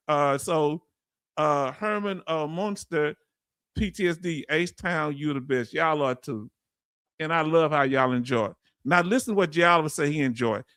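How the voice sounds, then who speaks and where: A man's voice: high-pitched, no room sound, studio quality. A man with a Southern accent hosting a live stream, talking casually and reading out viewers' comments, with many fillers and restarts. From Southern United States. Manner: warm, chatty, with frequent fillers and restarts. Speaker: YouTube channel host. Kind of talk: live-stream chat shout-outs.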